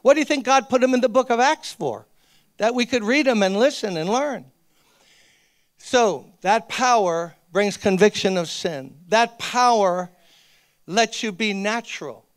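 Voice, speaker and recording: Male pastor, conversational sermon, high voice, dry close sound. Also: a little slow, smooth, dry recording. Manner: earnest and conversational, with emphatic repeated appeals. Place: church, speaking to a gathering of ministers.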